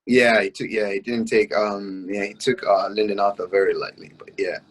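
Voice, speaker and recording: A young man, chatting excitedly as co-host of a boxing talk show, with lots of fillers. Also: on the low side, normal speed, husky, poor audio. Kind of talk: casual chat.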